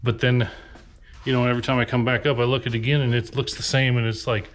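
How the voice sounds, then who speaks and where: A man's voice: medium pitch, little pitch movement, fast talker, a little hiss or hum. A worn-out man from Nebraska vents to the camera in a storage unit, his mid-range voice rambling through a frustrated rant with sighs along the way. He sounds tired and fed up. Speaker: reseller vlogger. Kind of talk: venting vlog to camera.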